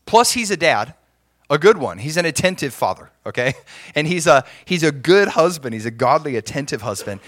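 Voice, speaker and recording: A man's voice: fairly high pitch, very animated, normal speed, fairly bright tone, no room sound, studio quality. A middle-aged man preaching as a pastor, earnest and emphatic, often restarting his sentences. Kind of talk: sermon.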